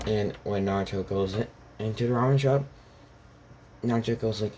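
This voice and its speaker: Low-voiced man rambling through a fan story. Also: normal speed, warm tone, slight background noise. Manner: rambling, repeats "goes like". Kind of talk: casual spoken fan story retelling.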